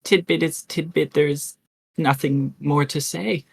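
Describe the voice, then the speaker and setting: A woman's voice: deep voice, steady tone, takes it slowly, gravelly, breathy edge, exaggerated voice. A woman voicing a curt fairy creature that speaks of itself in the third person. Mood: aloof.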